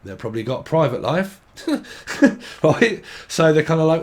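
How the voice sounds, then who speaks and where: A man's voice: a little high, lively intonation, normal speed. A man giving a casual tarot reading, rambling and swearing, laughing often and mimicking imagined people. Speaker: tarot reader.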